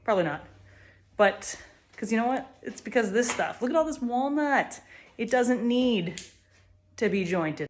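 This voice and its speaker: Filming a casual vlog in her small shop, this young woodworker and small business owner talks to the camera in a chatty, upbeat way, frequently laughing at herself. She sounds a little high and animated, keeps a moderate pace, pauses often, and there's slight hiss or hum.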